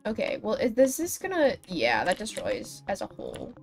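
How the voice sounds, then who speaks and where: Chatty, lively young woman streaming. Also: medium pitch, normal speed. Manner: chatty, dramatic, self-deprecating, talks to chat. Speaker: livestreamer. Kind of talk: casual game stream chat. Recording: faint music behind.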